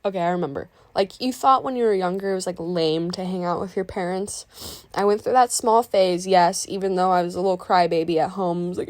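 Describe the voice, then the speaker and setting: A woman's voice: lowish voice, fast talker, a little mellow, dry recording. A woman in her mid-twenties chatting through a painting video voiceover, rambling, losing her train of thought and speaking openly about her feelings. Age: 20s. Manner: openly emotional and sentimental. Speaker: art vlogger narrating a painting video. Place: voice-over recorded apart from the painting footage.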